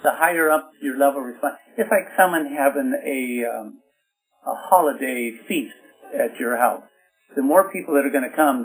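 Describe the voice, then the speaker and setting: A man's voice: mid-range voice, poor audio. A man being interviewed as an author, explaining his ideas in an instructive way and showing points by example. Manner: instructive, talks in bottom lines, demonstrates by example. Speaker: author and communication expert guest.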